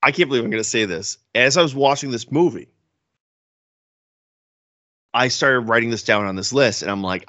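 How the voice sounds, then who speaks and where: A young man co-hosting a casual podcast about movies, animated and enthusiastic, laughing often. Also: medium pitch, moderate pace, pauses often, no room sound, highs cut off. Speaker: podcast co-host.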